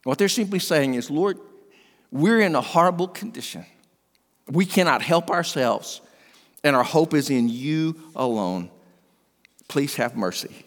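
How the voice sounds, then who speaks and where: An older man, a pastor, preaching an earnest sermon that swings between emphatic and hushed. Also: a little high, expressive, a little slow, long pauses. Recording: long hall reverb.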